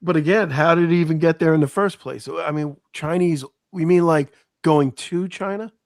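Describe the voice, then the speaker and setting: A hoarse man with an East Coast accent, co-hosting a casual livestream chat and talking through market numbers with halting restarts. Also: fairly high pitch, darkish tone, dry recording, studio quality. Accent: American East Coast. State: hoarse, voice shot. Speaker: co-host.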